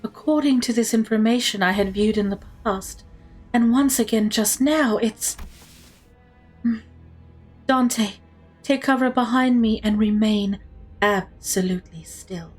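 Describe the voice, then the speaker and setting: A woman voicing a calm, composed female genius adviser who speaks in a measured, deadpan way. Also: a little high, faint music behind. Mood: cool.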